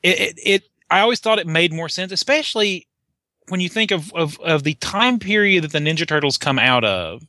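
A man's voice: a little high, lively intonation, normal speed, sharp tone, no room sound, studio quality. A man co-hosting a casual podcast chat, restarting his sentences and building to emphatic rhetorical questions. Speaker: podcast co-host.

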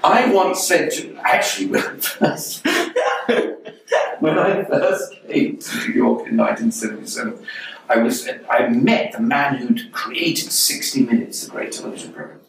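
Here the same kind of speaker, a middle-aged man from England, sounds gravelly, with a mid-range voice whose pitch swoops wildly, and he talks a little slowly. Chatting casually as an interview guest, he spins wry, rambling stories full of restarts. Faint noise, a distant mic and an echoey room color the recording.

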